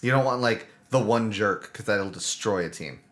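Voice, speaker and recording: A man's voice: on the low side, moderate pace, a bit bright. A man co-hosting a casual podcast chat who thinks aloud in loose, rambling phrases. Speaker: podcast co-host; improv teacher.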